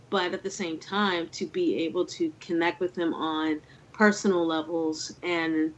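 A woman filmmaker telling a personal story in an interview over a video call, earnest and emotional, laughing often. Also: on the low side. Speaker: filmmaker guest. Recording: slightly dull lo-fi sound.

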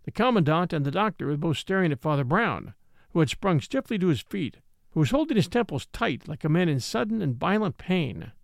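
Male narrator, fairly high voice, animated delivery, dry close sound, reads a classic mystery. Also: a little fast, vocal fry, dry recording. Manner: reads all characters with lively shifts in pitch. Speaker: audiobook narrator. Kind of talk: scripted narration of a mystery story.

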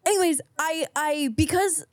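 A woman's voice: high-pitched, normal speed, no room sound, studio quality. Giggly young woman podcast host. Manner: giggly, rambling with restarts. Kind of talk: casual chat.

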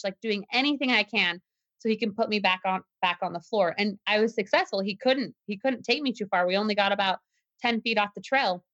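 A woman's voice: medium pitch, fairly bright tone, no echo. A woman guest telling a personal story in an interview, earnest and tense, often restarting her sentences. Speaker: guest, self-defense teacher. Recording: slightly dull, muffled recording.

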